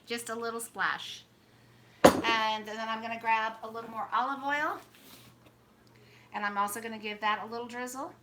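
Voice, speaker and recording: Woman, cooking vlog host, bubbly and chatty, slightly high voice, pan sizzling loud in the kitchen behind. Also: slight background noise, low-quality recording. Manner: chatty, bubbly, talks to viewers while cooking. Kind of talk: casual cooking demonstration. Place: home kitchen. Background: frying and sizzling food.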